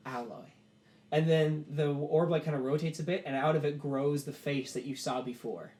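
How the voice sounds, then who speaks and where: A man's voice: a little high, level tone, moderate pace, a little mellow, echoey room. A man running a tabletop game as game master, narrating the scene in a loose, filler-heavy way.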